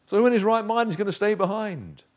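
A man preaching a sermon, earnest and emphatic, with dramatic pauses and swings of volume. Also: high-pitched, darkish tone.

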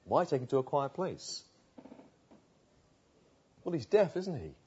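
Earnest preacher man, mellow husky voice. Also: on the high side, big pitch swings, a little slow. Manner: earnest storytelling with rhetorical questions, hushed at tender moments. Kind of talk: sermon. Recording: dull lo-fi sound.

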